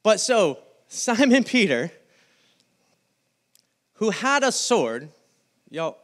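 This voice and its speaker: A male pastor preaching a sermon, telling the story with lively quoted voices. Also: high-pitched, very slow. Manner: animated storytelling, acting out the scene in quoted voices.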